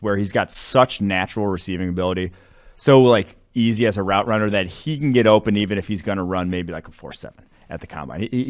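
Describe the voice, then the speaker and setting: A man's voice: lowish voice, fairly bright tone. A man co-hosting a football draft podcast, talking in a rambling, casual way full of fillers and self-corrections. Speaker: draft analyst co-host. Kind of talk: casual sports analysis chat.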